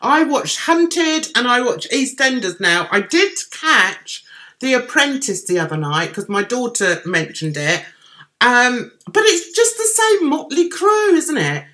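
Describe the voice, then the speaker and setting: A woman's voice: on the high side, big pitch swings, unhurried, pushed and bright. Chatty middle-aged Cockney woman. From London, England. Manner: chatty, reads out and answers viewers' comments. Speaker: livestream host reading chat. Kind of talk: casual chat.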